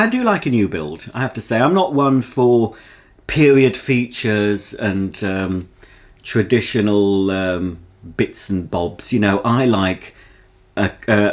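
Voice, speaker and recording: A homely Yorkshire man vlogging in a loose, rambling chat, often stopping for an um before he carries on. His pitch sits in the middle for a man, and the talk is relaxed and unscripted. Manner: rambling, homely, full of ums. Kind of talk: casual chat to camera.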